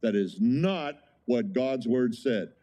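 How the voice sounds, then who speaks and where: A man's voice: mid-range voice, expressive, takes it slowly, dark tone. A man preaching a sermon as pastor, conversational, with frequent rhetorical questions to the congregation.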